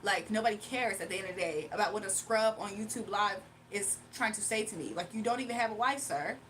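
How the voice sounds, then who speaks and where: A woman's voice: medium pitch, quick pace, a bit bright, a little hiss or hum, low-quality recording. A woman hosting a livestream with a faint foreign accent, talking back to her chat in a sassy, casual way. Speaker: livestream host.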